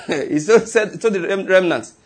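Husky pastor preaching. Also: male voice, high voice, lively intonation, unhurried. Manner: emphatic, repetitive preaching with acted quotes and chuckles. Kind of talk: sermon.

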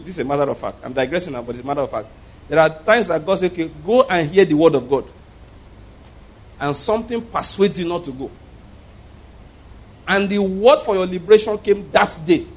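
A man's voice: on the high side, slightly rough, low-quality recording. Emphatic man preaching a sermon. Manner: emphatic, storytelling, chuckles often.

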